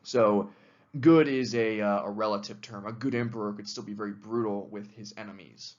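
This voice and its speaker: A man's voice: lowish voice, steady tone, normal speed, highs cut off. A young adult man giving a recorded history lecture, talking casually with many fillers. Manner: casual, conversational with frequent fillers.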